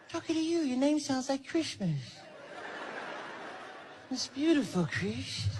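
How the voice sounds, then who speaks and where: A man putting on a soft, high, breathy voice for a gentle male celebrity. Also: very animated, unhurried, exaggerated voice. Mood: dreamy. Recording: noisy live recording.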